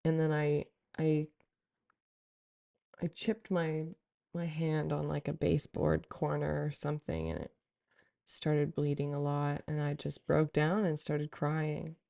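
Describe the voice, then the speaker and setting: A woman's voice: low voice, a little slow, creaky, mellow. A woman giving a reflective spiritual talk to her viewers, meandering and heartfelt, with frequent fillers. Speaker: spiritual content creator.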